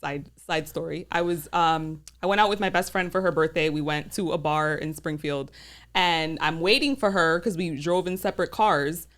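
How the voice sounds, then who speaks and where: A woman's voice: low-pitched, normal speed, fairly bright tone. A woman in her thirties chatting casually as a podcast guest, telling stories with lots of "like" fillers and swearing. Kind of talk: casual chat.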